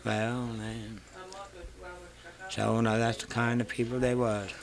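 A man's voice: mid-range voice, flat delivery, slow, gravelly, crowd noise. An older man telling family stories in a rambling way, in rural dialect, repeating "he said" and swearing freely. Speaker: interviewee. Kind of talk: rambling folk storytelling.

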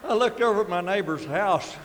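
A middle-aged man spins a comic yarn in a drawling, deadpan way. His voice sits a little high. It carries the long reverb of a live hall over faint ambience. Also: normal speed, slight background noise. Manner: drawling, deadpan, with sound effects and chuckles. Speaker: storyteller. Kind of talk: folksy comic storytelling.

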